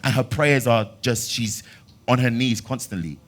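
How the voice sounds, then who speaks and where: A man in his twenties with a London accent, telling his story at a master class in a lively way and acting out dialogue. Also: medium pitch, normal speed. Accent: London English. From London, England. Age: 20s. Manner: animated storyteller who acts out dialogue with bursts of loud laughter. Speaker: actor giving a master class talk. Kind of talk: storytelling talk to an audience.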